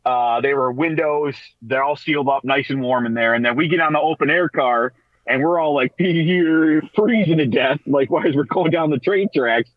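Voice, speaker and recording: A man co-hosting a radio talk show, telling stories in a casual, animated way and laughing as he goes. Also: mid-range voice, a little fast, dry recording, dull audio. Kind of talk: casual storytelling chat.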